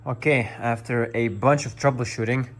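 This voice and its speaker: A man's voice: mid-range voice, fairly even intonation, normal speed, fairly bright tone, faint music behind. A man hosting a car restoration video, explaining each step casually while he works in a garage workshop. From Norway.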